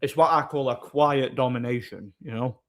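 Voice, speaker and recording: Guy rambling on a chill live stream, answering chat, voice pitched about middle. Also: moderate pace, fairly bright tone.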